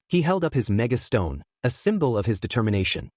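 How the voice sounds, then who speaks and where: A man reading fan fiction aloud as a narrator, with lively storytelling intonation. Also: medium pitch, a little fast, no echo, studio quality.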